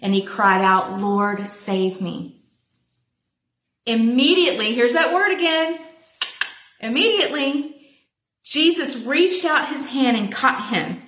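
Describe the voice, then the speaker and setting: A woman teaching a Bible passage in a chatty, animated way, calling her listeners y'all. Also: high voice, unhurried, echoey room.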